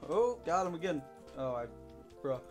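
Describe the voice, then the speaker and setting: A young man narrating his gameplay in a fairly high voice, excitable and loud, whooping at every hit. Faint music plays behind him. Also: normal speed. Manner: excitable, shouting and whooping while playing. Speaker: gaming YouTuber. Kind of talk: let's play commentary.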